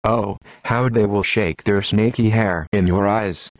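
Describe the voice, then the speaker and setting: A man's voice: on the low side, steady tone, a little slow, no echo. A man delivering an old-fashioned sermon in a solemn, declamatory way. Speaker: preacher. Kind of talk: Victorian sermon reading.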